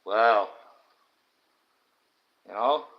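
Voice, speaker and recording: A man's voice: fairly low pitch, drawn-out words, vocal fry. An Australian man hosting a livestream, delivering a blunt, profane, indignant rant. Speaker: livestream host. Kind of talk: ranting livestream monologue. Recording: dull lo-fi stream audio.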